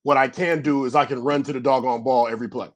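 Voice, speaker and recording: A middle-aged man, a former pro football player, telling loose, rambling stories in a casual podcast interview and acting out yelling coaches. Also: mid-range voice, quick pace. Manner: animated storyteller, acts out coaches yelling; loose, rambling with many restarts.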